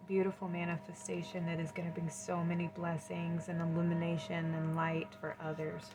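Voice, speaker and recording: A woman giving a pick-a-card tarot reading in a gentle, soothing, emotional and effusive way. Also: fairly low pitch, noisy background. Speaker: tarot reader.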